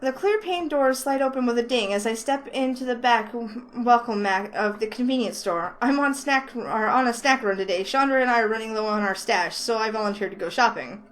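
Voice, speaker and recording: A woman's voice: a little high, brisk, few pauses, rough recording. A woman reading a visual novel aloud in the first person, breaking off for chatty, giggly asides about the script. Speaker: let's play host.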